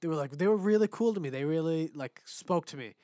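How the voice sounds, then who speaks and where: A young man talking loosely with a friend, his sentences wandering and peppered with swearing and laughter. His voice sits a touch high. The recording is dry and close, with no room echo. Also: lively intonation, fast, mellow. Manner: rambling, profane, laughs often. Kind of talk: casual chat.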